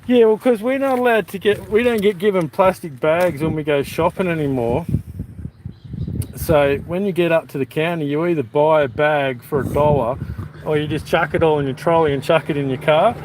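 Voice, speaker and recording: A man's voice: a little high, normal speed. A middle-aged Australian man, a father and channel host, chatting casually and laughing with viewers from his car. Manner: laughing, rambling, easygoing. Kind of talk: casual chat with livestream viewers while driving. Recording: noisy outdoor background.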